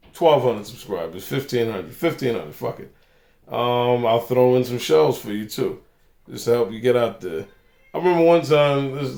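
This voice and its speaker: A man's voice: medium pitch, vocal fry, darkish tone. A young man hosting a casual vlog, loose and rambling, telling stories with plenty of swearing. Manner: loose, rambling, profane storyteller. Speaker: channel host.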